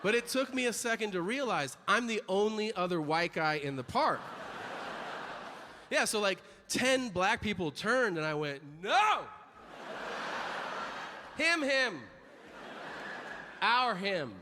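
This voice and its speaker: A man doing stand-up comedy, his pitch swinging widely as he jumps into voices for the people in his stories. He speaks a little higher than most men. The recording has a long reverb from the hall, with clear crowd noise behind him. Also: animated, moderate pace. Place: comedy club stage. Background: audience laughter.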